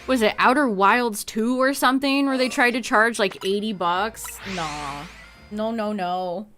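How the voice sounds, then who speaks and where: A woman's voice: medium pitch, measured pace, fairly bright tone, soft background music. A woman streaming a game, chatting casually with her viewers, laughing often and trailing off mid-sentence. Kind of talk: casual livestream chat to viewers.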